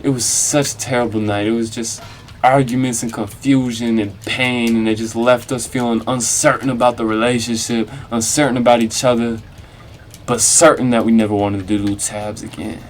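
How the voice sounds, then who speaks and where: A young man tells a story straight to his audience in a loose, rambling way. He talks in heavy slang and stays animated and chatty throughout. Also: medium pitch, moderate pace, faint music behind. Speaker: streamer telling a story. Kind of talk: casual storytime monologue.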